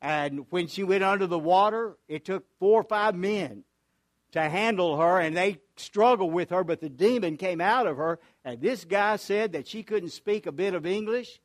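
An older male pastor delivers a sermon, telling stories in an earnest, searching way. His voice sits a little high for a man, and he often backs up and restarts his phrases. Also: fairly bright tone. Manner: earnest storytelling preacher with frequent restarts.

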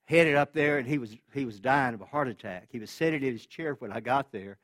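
Male pastor preaching, earnest emotional storytelling, goes loud then hushed, dry close sound, mid pitch. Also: fairly quick, no echo. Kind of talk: sermon storytelling.

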